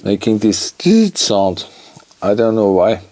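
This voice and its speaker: A man talking himself through an electronics repair at his workbench, in halting English and muttering as he works. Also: lowish voice, flat delivery, darkish tone, a little hiss or hum.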